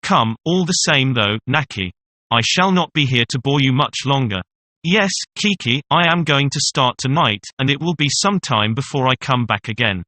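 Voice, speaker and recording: A man's voice: medium pitch, lively intonation, moderate pace, bright, forceful tone, no echo. A man reading a doting middle-aged cashier. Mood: pleading. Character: fifty-year-old man, doting cashier. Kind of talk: audiobook reading.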